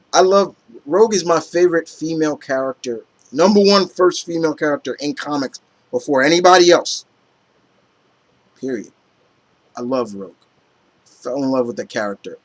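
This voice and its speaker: A man chatting casually to camera in an excited, rambling way, with many fillers and restarts. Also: a little high, moderate pace. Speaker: vlogger. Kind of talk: casual chat.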